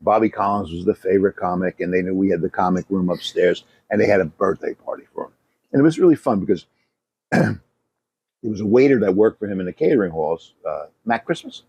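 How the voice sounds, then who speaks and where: A man, a former comedy club owner, co-hosting a casual chat and telling animated stories, swearing freely and laughing often. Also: low-pitched, a little fast, breathy edge.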